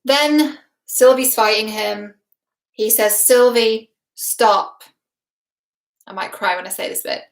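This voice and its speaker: A woman's voice: medium pitch, unhurried, gravelly. A young adult woman from Britain, a relationship expert giving a casual reaction vlog, chatty and emphatic, laughing often and swearing casually. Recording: roomy echo.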